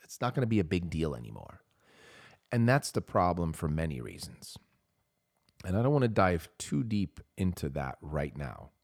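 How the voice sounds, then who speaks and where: A man's voice: deep voice, a little mellow, dry recording, clean studio sound. A man hosting a podcast, speaking earnestly and emphatically to parents, repeating key phrases for weight, with hesitant fillers between thoughts. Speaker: podcast host. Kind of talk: impassioned advice monologue.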